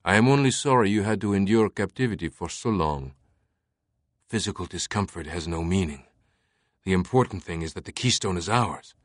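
A man reading an audiobook who voices a scheming male mastermind with a French accent, speaking in a hushed, deliberate way and sometimes whispering. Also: sits low, lively intonation, no echo, studio quality. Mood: hushed, commanding. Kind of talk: audiobook character voice.

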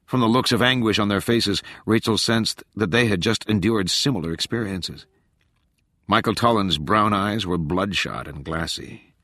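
Man reading an audiobook, lowish voice, dry, measured and dramatic. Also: fairly bright tone, no echo. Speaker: audiobook narrator. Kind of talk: scripted audiobook narration.

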